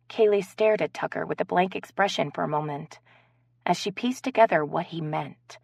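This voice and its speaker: Low, gravelly woman narrator. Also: moderate pace, a little mellow, dry recording. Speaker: audiobook narrator. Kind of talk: scripted narration.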